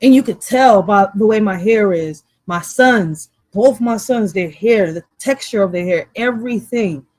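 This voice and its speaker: A woman's voice: medium pitch, measured pace, few pauses, a little mellow, no room sound. A woman co-hosting a casual talk show, blunt and swearing freely, laughing often. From Puerto Rican background, raised in Philadelphia. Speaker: co-host. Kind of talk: casual profane chat.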